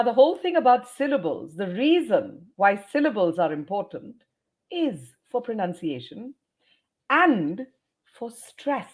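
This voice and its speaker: Lively, emphatic woman educator. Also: medium pitch. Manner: emphatic, sounds out words like a teacher. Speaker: educator and trainer, interview guest. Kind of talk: interview answers, teaching explanation.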